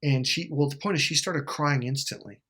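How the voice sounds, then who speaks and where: A middle-aged man hosting a self-help video, telling a blunt, swear-heavy story in an animated monologue. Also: medium pitch, moderate pace, breathy edge.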